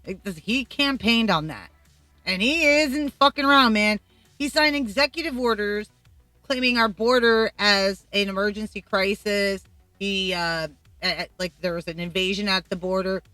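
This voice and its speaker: A woman's voice: mid-range voice, moderate pace, sharp tone, no echo, faint music behind. A middle-aged woman from Colombia, vlogging blunt, profane opinions in casual commentary. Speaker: YouTube vlogger.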